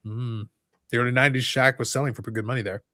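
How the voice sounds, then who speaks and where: A man hosting a casual live podcast, reading viewer comments and getting excited as he chats. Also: medium pitch, dry recording, clean studio sound. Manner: fast, excitable, reads viewer comments aloud. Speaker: podcast host.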